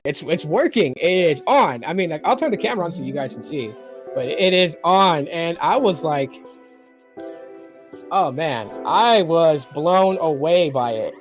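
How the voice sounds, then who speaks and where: A man's voice: a little high, measured pace, soft background music. Rambling middle-aged man livestreaming. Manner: rambling, repeats phrases, lively storytelling. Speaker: tech livestream host. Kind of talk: casual livestream chat.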